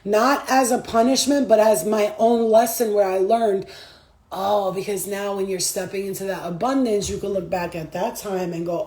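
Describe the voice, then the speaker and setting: Profane, animated woman with a warm voice. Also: medium pitch, moderate pace. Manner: loose, profane, laughing, acts out voices. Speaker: spiritual reader. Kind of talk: casual spiritual vlog talk.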